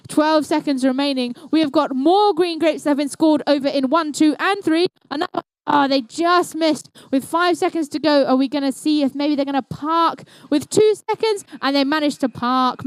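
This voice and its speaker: A woman's voice: high-pitched, normal speed, hardly any pauses, dry recording. A young woman emceeing a robotics competition, giving live match commentary with playful, jokey asides. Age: young adult. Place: indoor robotics competition venue.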